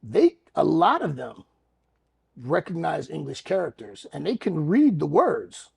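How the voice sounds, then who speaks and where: A middle-aged man tells stories on a podcast in relaxed conversation. His voice is gravelly and husky, set a little higher than most men's. He talks loosely and animatedly, swearing freely. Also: a little slow. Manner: animated, acts out quotes loudly, laughs, profanity. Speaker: podcast co-host, former wrestler. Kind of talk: casual storytelling chat.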